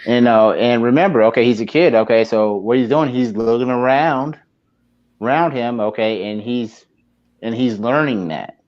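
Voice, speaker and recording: A man calling in to a talk show while on the move, speaking haltingly with many fillers and restarts. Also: mid-range voice, dull audio. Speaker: caller. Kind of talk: casual call-in talk.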